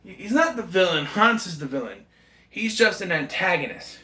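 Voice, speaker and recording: A man talks through a film in a casual, rambling review, full of enthusiasm and self-corrections. His voice is bright and sits a bit high. The room around him is noticeably echoey. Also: lively intonation, normal speed, a little hiss or hum. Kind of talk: casual movie review monologue.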